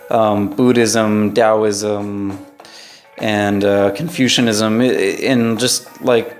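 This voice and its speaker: American guy vlogging travel tips, chatty and loose, keeps saying right, light music under him. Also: mid-range voice. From United States. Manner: loose and conversational, frequent "right?" tags. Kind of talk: casual travel recommendations.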